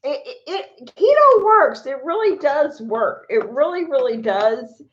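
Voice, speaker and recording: A woman's voice: sits high, big pitch swings, unhurried. A middle-aged woman chatting casually on a live stream at home, talking to viewers and her pets, recorded on a phone or camera mic. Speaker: vlogger. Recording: echoey room, dull lo-fi sound.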